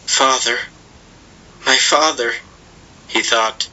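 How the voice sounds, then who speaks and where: Man reading fiction in a bright, ringing voice. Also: medium pitch, completely flat delivery, low-quality recording. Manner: measured, dramatic storytelling. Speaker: audiobook reader.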